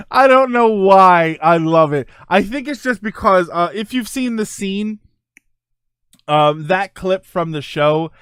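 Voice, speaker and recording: Streamer host, a man in his forties, a bit high-voiced, chatty and excitable, recorded close and dry. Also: takes it slowly, smooth, no echo. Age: 40s. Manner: rambling, enthusiastic, laughs often. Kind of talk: casual livestream chat.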